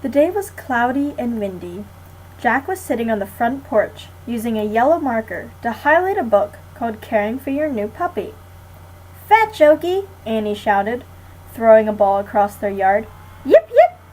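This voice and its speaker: A teenage girl reading a children's book aloud to a class in a friendly, clear way. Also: on the high side, animated, normal speed, a little mellow, slight background noise, poor audio. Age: teens. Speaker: guest reader.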